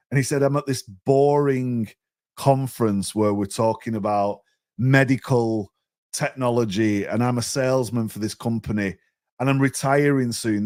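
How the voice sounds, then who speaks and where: A man, a podcast guest telling a story in a chatty, animated way, often repeating words as he restarts. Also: medium pitch.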